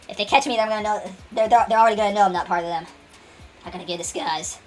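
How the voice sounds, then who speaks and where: A woman's voice: mid-range voice, fast talker, soft background music. A woman telling an unscripted comic story, rambling with many restarts and acting out the dialogue.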